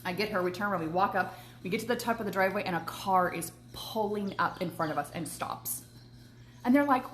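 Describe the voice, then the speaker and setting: A woman livestreaming a casual story, animated, laughing often and swearing freely. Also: medium pitch, fairly quick, a little hiss or hum. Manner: eating while talking. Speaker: manifestation coach and vlogger.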